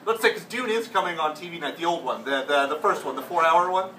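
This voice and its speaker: A man's voice: a little high, quick pace, bright, forceful tone. A man improvising a comedy scene on stage, rambling, laughing and trailing off mid-sentence. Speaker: improv performer. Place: small comedy theatre stage. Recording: roomy stage sound from far off with noise.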